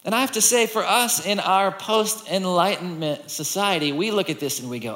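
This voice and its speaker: A man preaching a sermon in a conversational, animated way, reading scripture and acting out the people in it. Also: high voice, a little fast, few pauses. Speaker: pastor. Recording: long hall reverb.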